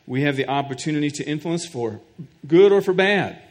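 A middle-aged man delivers a sermon to his congregation in a voice that sits slightly high for a man. His delivery is earnest and direct, and he doubles up words as he drives toward each point. He keeps turning to the room with questions. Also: lively intonation, brisk, hardly any pauses. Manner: earnest, repeats words while building points. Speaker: pastor.

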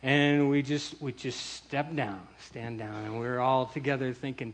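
A middle-aged man telling a personal faith story in a lively, animated way, acting out the voices of the people in it and laughing as he goes. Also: mid-range voice, moderate pace, few pauses. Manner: acts out quoted voices, laughs through the story. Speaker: churchgoer telling a testimony.

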